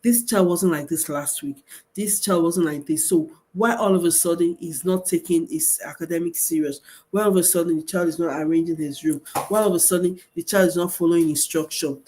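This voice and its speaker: A woman's voice: lowish voice, a little fast, a little mellow. Earnest woman coaching parents. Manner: emphatic, repeats key points, asks rhetorical questions. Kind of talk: teaching talk on parenting.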